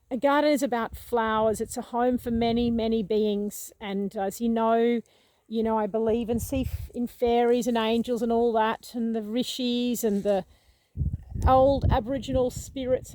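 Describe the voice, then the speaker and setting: A woman, rambling gently and exclaiming in delight while she walks through her outdoor garden, recorded on a handheld phone. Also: fairly high pitch, no echo. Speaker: gardening vlogger. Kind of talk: casual walking vlog.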